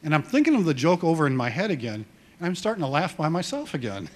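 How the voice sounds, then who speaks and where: A man's voice: a little high, big pitch swings, fast talker. A man presenting a seminar on church finances in a conversational lecture style, often restarting phrases and checking in with the audience. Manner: chatty, frequent restarts and check-ins with the audience.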